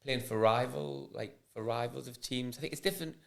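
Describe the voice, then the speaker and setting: A middle-aged man with a gravelly edge to his voice reads out listener questions. He keeps things relaxed and chuckles between lines. His pitch sits in an ordinary middle range. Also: a little fast. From Newcastle, England. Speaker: podcast co-host reading listener questions. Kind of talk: casual podcast chat.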